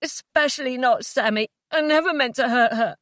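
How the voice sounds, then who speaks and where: A woman voicing an obsessive young man who pleads through tears, his voice breaking and soft. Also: a little high, moderate pace, no echo, clean studio sound, lightly acted. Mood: tearful.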